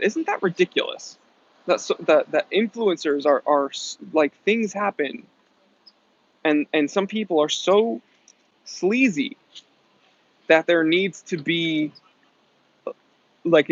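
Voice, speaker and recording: He speaks a little high with a fairly bright tone, in a dry recording that has a dull lo-fi sound. As a watch channel host doing a casual live-stream Q&A, he reads live chat and replies in an emphatic, chatty way, quickly clarifying his points.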